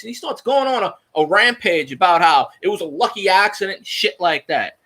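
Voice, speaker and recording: A man's voice: high-pitched, brisk, few pauses, bright, forceful tone. A man hosting a casual fan talk show, ranting and swearing heatedly.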